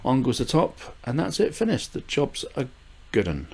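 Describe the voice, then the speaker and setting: A man's voice: mid-range voice, big pitch swings, normal speed, vocal fry, a little mellow, breathy edge. An older man from the UK rambling casually through a gardening vlog, with frequent fillers, restarts and small chuckles. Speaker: gardening vlogger.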